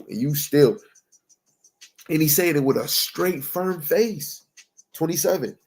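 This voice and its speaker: This preacher's voice is fairly high and a little mellow, and his pace is measured. He teaches the Bible conversationally and emphatically, sprinkling in street slang, asking "right?" again and again, and reading verses aloud in old-fashioned wording.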